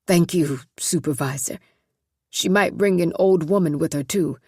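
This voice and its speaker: Woman doing a nervy young official guy, earnest and polite, a bit lower, dry sound. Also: a little slow, darkish tone, slightly rough, no echo. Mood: anxious. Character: nervous young male state official.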